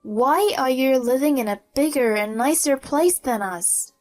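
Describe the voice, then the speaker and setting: A woman's voice: high voice, a little slow, darkish tone, faint music behind, voice pushed up. A woman reading as a pushy young pregnant woman. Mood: indignant.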